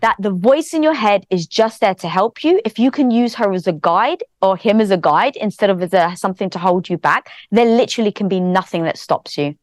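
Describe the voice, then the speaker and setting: A woman speaks as a podcast guest and tells a personal story with energy. She acts out her inner voice in quick quoted asides. The sound is dry, with no room echo. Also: medium pitch. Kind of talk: conversational storytelling.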